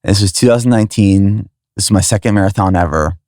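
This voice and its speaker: A man's voice: fairly low pitch, fast talker, a little mellow, no echo, studio quality. A man hosting a podcast who asks short questions and reflects on shared memories. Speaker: podcast host. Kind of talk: casual conversation.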